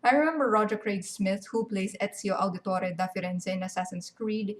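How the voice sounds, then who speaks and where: A woman's voice: mid-range voice, fairly quick. A young woman, ranting animatedly and sarcastically in casual game commentary, swearing freely. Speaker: gaming video commentator.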